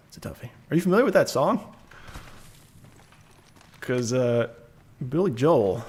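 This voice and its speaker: A man streaming a game, chatting casually and rambling through asides and self-corrections into a desk microphone. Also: medium pitch. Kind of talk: casual live-stream chat. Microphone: desk microphone on a shock mount.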